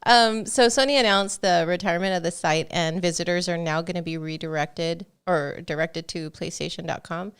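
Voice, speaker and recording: Smooth low-voiced female podcast co-host. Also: normal speed, hardly any pauses. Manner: easygoing, laughs often. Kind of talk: casual chat and news reading.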